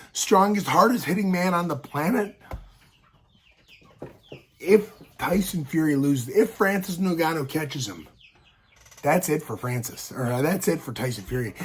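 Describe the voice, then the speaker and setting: A man's voice: fairly high pitch, slight background noise. A man giving rambling, worked-up reaction commentary on a fight, talking casually to his viewers with frequent restarts. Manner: rambling, repeats words, gets worked up.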